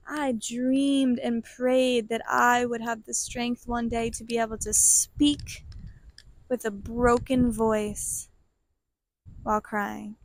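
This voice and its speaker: A woman with a rather high, gravelly voice speaks slowly and earnestly. She tells a heartfelt personal story, and the recording is close and dry. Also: no echo. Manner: slow, earnest, heartfelt with soft laughs. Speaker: vlogger sharing a personal story.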